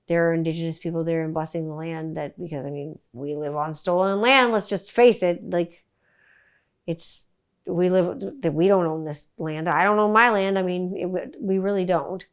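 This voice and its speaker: A middle-aged woman from Canada hosting a casual solo podcast, telling stories bluntly with plenty of swearing. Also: low voice. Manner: blunt, profane, animated storytelling. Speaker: podcast host.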